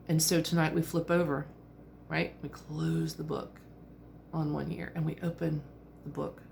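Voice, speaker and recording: A woman in her fifties talks to camera in a chatty, reflective way. Her voice sits low with a gravelly edge, and a faint hiss of noise runs behind her. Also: a little mellow. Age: 50s. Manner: chatty and reflective, with frequent fillers and laughs. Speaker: vlogger. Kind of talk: casual reflective monologue.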